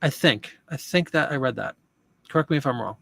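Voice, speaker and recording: A man's voice: mid-range voice, animated, a little fast, vocal fry, fairly bright tone, husky, no room sound. A man hosting a live chat show, talking casually and rambling with restarts and asides.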